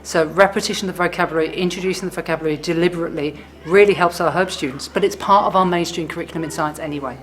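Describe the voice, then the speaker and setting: A female science teacher explaining her teaching fluently and clearly. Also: lowish voice, steady tone, very fast, few pauses. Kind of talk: interview about teaching.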